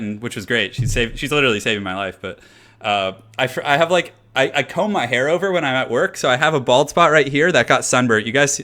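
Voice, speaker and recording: A man streaming a strategy game, talking easily through his choices and breaking into quick laughs. His tone is bright and a little forceful, in a mid-range voice. He keeps it loose and conversational throughout. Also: mid-range voice. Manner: chatty, thinks aloud, laughs often. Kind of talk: casual live-stream commentary.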